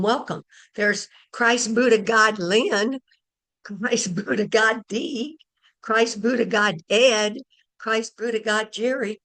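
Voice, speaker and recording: A woman leads a spiritual gathering over a video call at an unhurried pace. She talks earnestly and wanders a little, pausing and restarting her thoughts. Her voice sits at a middle pitch for a woman. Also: a bit bright. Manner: earnest, meandering, with pauses and restarts. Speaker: spiritual group leader. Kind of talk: spiritual talk to an online group.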